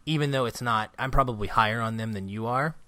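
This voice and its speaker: A young man co-hosting a podcast, chatting casually and excitedly about a film, rambling and laughing often. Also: medium pitch, fast talker, no room sound. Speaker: podcast co-host. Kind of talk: casual movie review chat.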